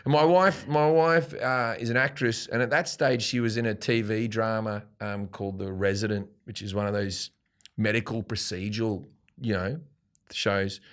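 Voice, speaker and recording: An Australian man, a comedian guest, telling a profane anecdote in an animated way and acting out quotes. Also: fairly low pitch, normal speed. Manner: animated, swearing freely, acts out quotes.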